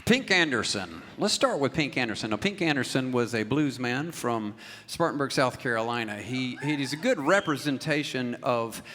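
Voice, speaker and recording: A man's voice: medium pitch, expressive, moderate pace, fairly bright tone, long reverb tail, a little hiss or hum. A man telling a rambling music story in a casual way, with many restarts and small chuckles. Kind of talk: casual spoken storytelling before a song.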